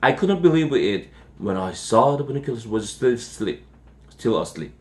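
Man reading a storybook aloud, halting. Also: mid-range voice, sing-song. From South Korea. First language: Korean. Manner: halting, with frequent restarts. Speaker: English teacher. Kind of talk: reading a children's novel aloud.

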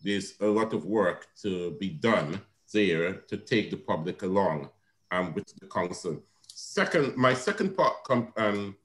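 Halting man chairing a committee. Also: low-pitched, animated, a bit bright, slight background noise, low-quality recording. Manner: halting, many ums, long questions. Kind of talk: chairing an online council meeting. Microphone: video call.

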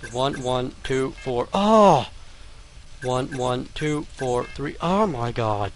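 A man's voice: medium pitch, takes it slowly. A man commentating his own gameplay, often muttering to himself and exclaiming in frustration. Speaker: let's play gamer.

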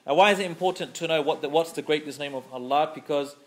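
A man's voice: fairly high pitch, fast. A man teaching a scripture class, explaining patiently, repeating key phrases, and carefully pronouncing Arabic terms. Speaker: Islamic teacher.

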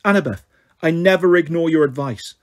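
A man's voice: a little high, a little fast, lightly acted. A man reading aloud, voicing a brave teenage girl who speaks soothingly and firmly. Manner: soothing, firm.

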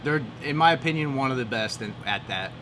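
A man's voice: mid-range voice, lively intonation, a little fast, noisy background. A man co-hosting a cigar review, chatting in a playful, rambling way. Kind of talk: casual chat.

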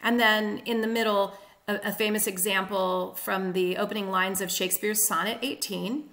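Bright-voiced woman teaching a lesson. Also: medium pitch, moderate pace. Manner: clear, steady, taps out stresses with "dee-dum" beats. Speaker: literature teacher. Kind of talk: explanatory lesson.

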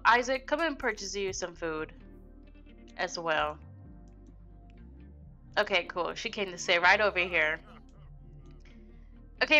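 Bright, chatty young woman gamer. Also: medium pitch. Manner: chatty and slangy, talks straight to viewers. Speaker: gaming video host. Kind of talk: casual gameplay commentary.

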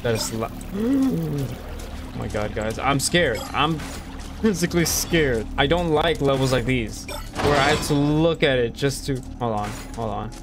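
Jumpy young male gamer over loud music. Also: medium pitch, normal speed. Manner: jumpy, easily scared, talks to viewers. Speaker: gaming video host. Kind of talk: let's play commentary.

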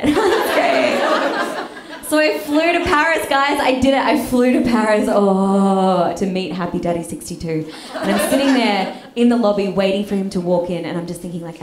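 A young Australian woman telling a comic story on stage, animated and swearing, often asking the crowd "right?". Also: medium pitch, moderate pace. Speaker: stand-up comedian. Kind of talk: live stand-up storytelling. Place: live comedy stage with audience. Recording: echoey live room with noise.

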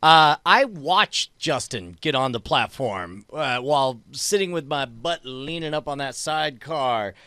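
A man's voice: medium pitch, expressive, measured pace, hardly any pauses, sharp tone, clean tone, dry recording, studio quality. A man playing a tabletop game, stammering and sarcastic as he describes his character's actions. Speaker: player. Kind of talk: tabletop role-play banter.

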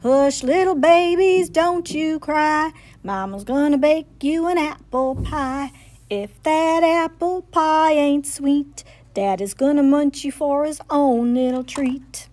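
A woman voicing a cheerful pioneer father who loves his fruit trees, crooning slowly and drawn out. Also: high-pitched, close to an everyday voice. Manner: slow, drawn-out crooning delivery.

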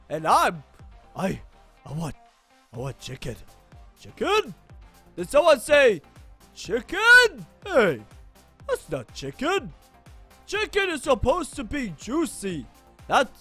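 A woman voicing a dim, childish male animatronic bear who is obsessed with chicken, in a deep, stammering, slow voice. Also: a bit bright, breathy edge, heavily acted. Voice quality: deep, dopey voice. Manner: stammering, slow and simple-minded.

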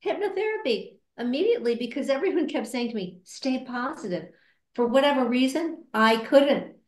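A woman being interviewed about her work at a cancer support center, speaking earnestly and reflectively, with many hesitations and restarts, and acting out quoted remarks in a higher voice. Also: lively intonation, a little fast. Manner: acts out quoted remarks with raised pitch. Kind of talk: casual interview conversation. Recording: roomy echo.

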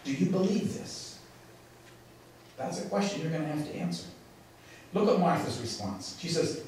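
A man preaches with emphasis and dramatic pauses, his voice sitting a little high. He is picked up from a distance in a church, and the sound rings with heavy echo. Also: slight background noise. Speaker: pastor. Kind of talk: sermon. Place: church sanctuary. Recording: echoey, from far off in a large room.

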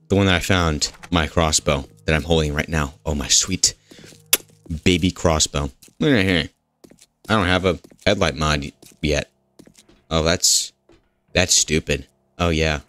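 A man's voice: low voice, a bit bright, no room sound. A man casually narrating his gameplay, joking, rambling and talking back to the characters in the game. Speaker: gaming host. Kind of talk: goofy gameplay commentary.

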